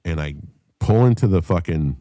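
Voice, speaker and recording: A man tells a story on a podcast, animated and full of swearing. His voice sits fairly low, and the sound is dry and close. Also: normal speed, dry recording. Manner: animated storyteller, shouts when acting out others. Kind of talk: profane casual storytelling.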